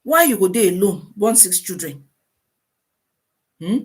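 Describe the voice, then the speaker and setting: A woman with a Nigerian Pidgin English accent, hosting a casual live-stream advice talk, animated and full of rhetorical questions. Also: mid-range voice, unhurried, breathy edge.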